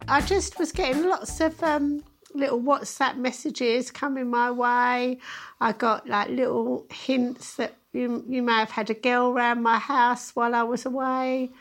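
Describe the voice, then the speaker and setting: A woman's voice: fairly high pitch, fairly even intonation, unhurried, fairly bright tone, soft background music. A middle-aged woman, a mother questioning her son in a teasing, theatrical way. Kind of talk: casual chat.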